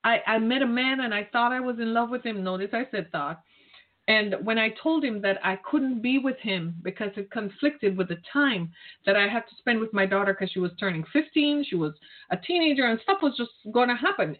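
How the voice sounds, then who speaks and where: A middle-aged woman talks straight to her listeners in an earnest, preaching way, coming back again and again to the same phrases. Her voice sits fairly high and comes through a thin, phone-like line. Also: animated, moderate pace. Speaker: speaker addressing caregivers. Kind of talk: heartfelt direct-address talk.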